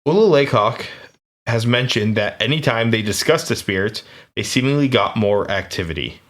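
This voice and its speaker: A man's voice: on the low side, animated, moderate pace, fairly bright tone. An American man co-hosting a podcast, recounting ghost reports in a laid-back, jokey way with hesitant restarts. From United States. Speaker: podcast co-host. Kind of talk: casual chat, reading paranormal research.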